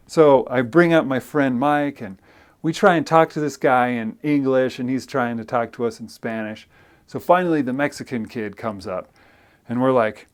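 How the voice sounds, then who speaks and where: A man's voice: medium pitch, moderate pace. Guy telling a story, chatty, self-deprecating, jumps into different voices for the dialogue, mid-range voice. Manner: animated, acts out dialogue with shifts in voice; self-deprecating, conversational with fillers. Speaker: storyteller and loan officer. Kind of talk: casual spoken storytelling.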